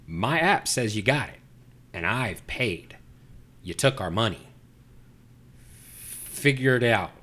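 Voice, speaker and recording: A man with a somewhat low voice tells a story in casual chat. He rants with plenty of animation and acts out the people he argued with, his voice jumping up when he gets heated. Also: takes it slowly, long pauses. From Puerto Rico. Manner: animated ranting, acting out both sides.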